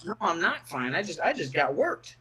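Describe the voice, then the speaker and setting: Middle-aged male podcast guest: slightly high pitch, blunt and profane, restarts his sentences. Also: big pitch swings, moderate pace, bright, forceful tone, slightly rough, rough recording. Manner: blunt, profane, repeats words when starting sentences. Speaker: guest, MMA fighter. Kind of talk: casual podcast chat.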